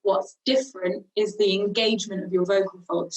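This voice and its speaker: A woman teaching singing, calmly guiding a vocal warm-up with slow, encouraging cues. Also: mid-range voice, distant mic, low-quality recording. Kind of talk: guided vocal warm-up lesson.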